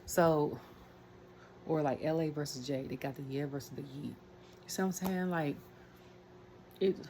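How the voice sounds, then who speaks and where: Brief: woman, low voice, rambling wrestling rant, faint room hiss. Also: steady tone, normal speed, darkish tone. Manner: rambling, chatty, many fillers and asides. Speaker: wrestling commentary vlogger. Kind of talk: casual rant.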